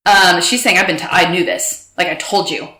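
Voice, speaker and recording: A woman recounting a personal story with emotion, halting and restarting, quoting others in quick bursts. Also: on the low side, fairly even intonation, sharp tone, reverberant. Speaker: guest telling her story.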